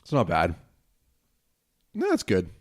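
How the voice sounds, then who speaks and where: A man's voice: low voice, huge pitch swings, slow pace, darkish tone, dry recording, studio quality. A man hosting a casual solo podcast at home, rambling and chatty as he reviews a beer, with casual swearing. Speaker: podcast host. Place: home, at a desk.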